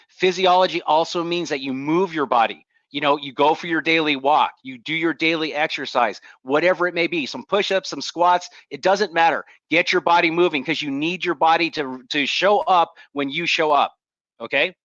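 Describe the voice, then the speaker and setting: Energetic high-voiced man coaching leaders. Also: moderate pace, dry recording, lo-fi sound. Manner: energetic, coaching the audience through exercises. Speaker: leadership speaker. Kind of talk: motivational talk to leaders.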